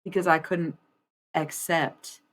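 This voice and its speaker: Her low-pitched voice moves slowly with fairly even intonation as she deals tarot cards on a live stream. This young woman chats loosely with viewers, wandering off topic, laughing a lot and cursing without hesitation.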